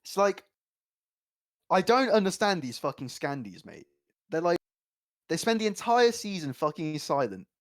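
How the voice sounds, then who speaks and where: A man co-hosting a parody awards stream, with crude, profane rants. His voice is a little higher than most men's and swings around a lot. He keeps a loose, mocking banter going. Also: big pitch swings, moderate pace, long pauses. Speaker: co-host. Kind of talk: comedic livestream awards banter.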